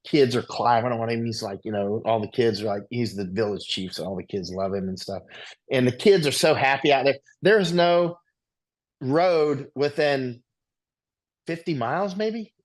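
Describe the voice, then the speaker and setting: On an interview show, a male guest with a mid-range voice at normal speed wanders through anecdotes in a chatty way. He keeps tossing in "right?" to check his listener is with him.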